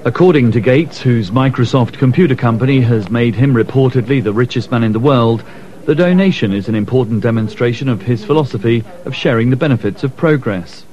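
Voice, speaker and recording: Male field reporter, mid-pitched, formal narration, muffled lo-fi broadcast sound. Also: brisk. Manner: formal, even delivery. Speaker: news reporter. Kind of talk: scripted news report. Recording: dull lo-fi broadcast audio.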